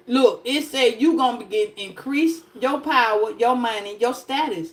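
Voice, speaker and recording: A woman's voice: sits high, moderate pace, few pauses, slight background noise. A young adult woman giving a casual, joking tarot reading, rambling and swearing freely as she riffs on the cards. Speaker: tarot reader.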